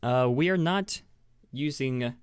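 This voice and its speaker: A man hosting a podcast from home, talking casually and laughing at himself. His voice sits at an ordinary middle pitch and the sound is close and dry, with no room echo. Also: slow, smooth. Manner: chatty, self-mocking, giggly. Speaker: podcast host. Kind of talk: casual chat. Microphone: webcam with mic.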